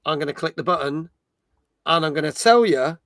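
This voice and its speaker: A man's voice: on the high side, animated, brisk, fairly bright tone, no echo, clean studio sound. A middle-aged man hosting a casual gaming stream, chatting and reading out viewer comments. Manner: chatty, reads chat comments aloud, jokey. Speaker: podcast host. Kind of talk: casual live-stream chat.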